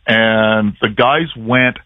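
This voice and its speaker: A man's voice: fairly low pitch, fairly even intonation, extremely slow, no echo. Chatty man on a dry phone line. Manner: chatty storyteller, many restarts and fillers. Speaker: team play-by-play broadcaster, radio guest. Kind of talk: casual radio interview.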